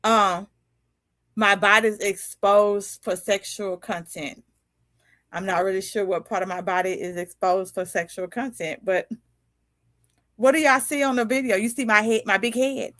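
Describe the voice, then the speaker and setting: A woman's voice: medium pitch, fairly even intonation, moderate pace, fairly bright tone, no room sound. A woman in her fifties hosting a casual live video chat as a podcast host and coach. She talks animatedly, laughs often and acts out little dialogues. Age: 50s.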